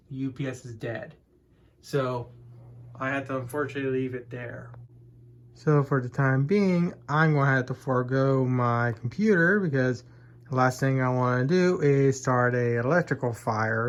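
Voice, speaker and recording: A man casually narrating a home tech vlog, rambling with many fillers and trailing asides. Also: mid-range voice. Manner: rambling, says "and whatnot" a lot, trails off with uh. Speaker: tech vlogger. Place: home garage computer setup.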